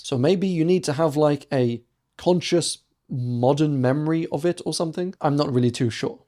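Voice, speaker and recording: A man's voice: mid-range voice, warm tone. A man narrating casually for sleep as a channel host, musing and thinking aloud.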